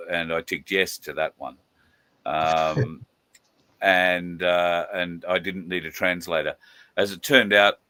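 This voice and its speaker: A very low-voiced man hosts a casual live stream, rambling warmly through viewer shout-outs with lots of "uh" and "um". His voice sounds dry and close, with no room sound around it. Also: no echo. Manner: chatty, greets viewers by name, drawn-out fillers. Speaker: livestream host.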